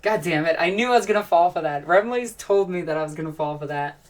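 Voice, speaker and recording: A woman's voice: lowish voice, fast, far from the mic. A woman hosting a casual live stream, chatting and answering questions from chat in a rambling, enthusiastic way, with frequent sighs and restarts.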